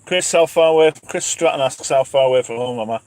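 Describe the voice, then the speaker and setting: A man's voice: medium pitch, fast, a little mellow, dry recording. A man who drives trucks, chatting casually on a live stream from his cab at night, reading out viewer questions with self-mocking laughs. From England. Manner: chatty, self-mocking, laughs often, reads names aloud. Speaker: truck driver and channel host.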